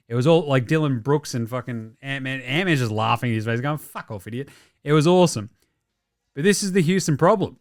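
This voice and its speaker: Hosting a laid-back basketball show, this man tears into games and trades in quick, excitable, swear-filled rants. His voice sits on the high side with a clean tone.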